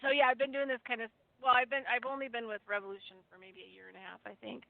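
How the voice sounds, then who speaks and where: A woman's voice: fairly high pitch, rapid-fire, creaky, dry recording. Easygoing woman guest who laughs a lot, on a dry, tinny call line. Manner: laughs easily, relaxed and friendly. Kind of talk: casual interview chat. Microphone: phone or computer call.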